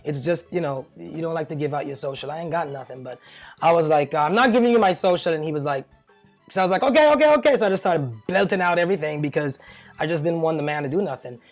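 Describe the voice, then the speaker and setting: A man talking to camera, telling a personal story in a chatty, animated way, full of fillers and nervous laughs. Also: a little high, fast talker, faint music behind. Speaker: vlogger.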